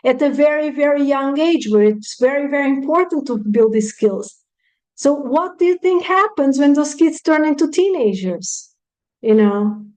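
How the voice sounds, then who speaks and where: A woman's voice: sits high, a little mellow, rough recording. A woman in her thirties, a parenting guest on an interview show, talking earnestly and emphatically and acting out what parents say to themselves. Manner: earnest, emphatic, acts out parents' inner voices. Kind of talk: interview talk.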